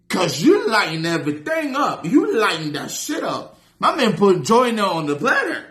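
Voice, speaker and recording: Guy hosting a reaction vid, high voice, real lively ups and downs, slangy and hype, bit of echo in the room. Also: measured pace. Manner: animated, slangy, breaks into shouts of excitement. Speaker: reaction video host. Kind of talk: casual commentary reacting to a rap track.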